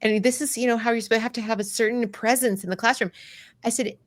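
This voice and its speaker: A woman's voice: on the high side, quick pace, dry recording. A woman hosting a podcast, telling a story in a casual conversational way, laughing often and acting out what others said. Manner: animated, laughs often, acts out quotes. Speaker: podcast host.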